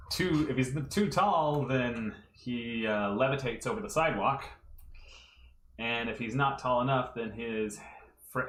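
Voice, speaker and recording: A man's voice: mid-range voice, a bit bright, reverberant, slight background noise. A man casually livestreaming as he draws, talking through his work step by step and thinking aloud, at home. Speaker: livestreaming fan artist. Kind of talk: casual livestream commentary while drawing. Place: room at home.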